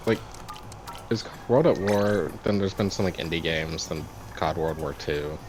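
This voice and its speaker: A man chatting casually with friends during a game, relaxed and opinionated. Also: low voice, unhurried, music in the background, poor audio. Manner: relaxed, opinionated, laughs easily. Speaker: gaming friend. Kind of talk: casual gaming chat.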